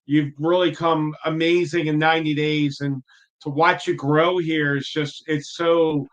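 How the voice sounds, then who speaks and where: A man's voice: fairly high pitch, fairly bright tone. A man introducing a guest in an enthusiastic, rambling casual chat.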